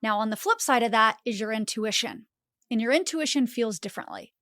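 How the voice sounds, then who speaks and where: A woman with a fairly high voice hosts a motivational podcast, speaking quite quickly in a dry, clean studio recording. She talks with lots of energy, acts out inner voices, and scatters "like" throughout.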